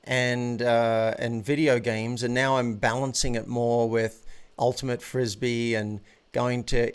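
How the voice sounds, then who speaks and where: A man talks casually as an interview guest, his pitch sitting in an ordinary middle range. He is animated and excitable. He often repeats and restarts his words mid-thought. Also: clean tone. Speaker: podcast guest, author and coach.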